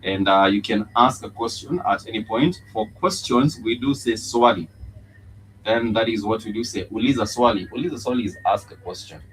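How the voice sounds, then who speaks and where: A man with a very low, deep voice teaches a live-streamed Swahili lesson. He talks in halting bits full of "uh", repeating each word slowly so learners can follow. A faint hiss of noise sits under the recording. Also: a bit bright, low-quality recording.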